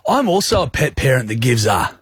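Deadpan Australian radio host, man. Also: mid-range voice, fairly quick, breathy edge, no echo. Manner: dry, teasing, deadpan roasts. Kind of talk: casual radio banter.

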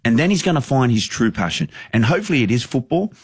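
A man's voice: mid-range voice, big pitch swings, quick pace, husky, no echo, studio quality. An Australian man around thirty, a football manager, talking earnestly and at length in a casual interview. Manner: earnest, rambling storyteller.

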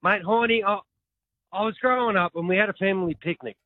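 A man's voice: high-pitched, fast talker, dry recording. An Australian man in his forties calling in to radio, telling a cheeky story in a laid-back way. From New South Wales, Australia. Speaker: caller. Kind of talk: storytelling phone call. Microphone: phone line. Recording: dull phone line.

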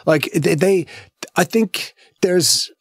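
A man's voice: high voice, takes it slowly, breathy edge, dry recording, studio quality. A man talking as a filmmaker guest in a casual interview, telling a story with many fillers and restarts, his voice lifting when he gets moved.

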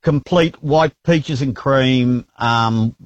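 A man calling in with an anecdote, pausing on many ums. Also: mid-range voice, no echo, dull audio. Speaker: caller. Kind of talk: phone-in anecdote.

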